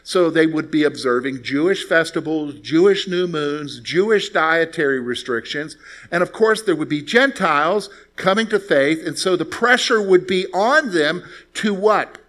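A man's voice: fairly high pitch, expressive, unhurried, a bit bright. A male pastor preaching a conversational sermon, asking the congregation rhetorical questions and telling stories.

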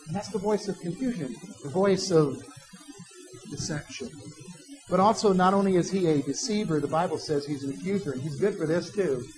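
A man's voice: sits high, moderate pace, low-quality recording. A man, a pastor, preaching a conversational sermon with personal asides and quoted imagined voices.

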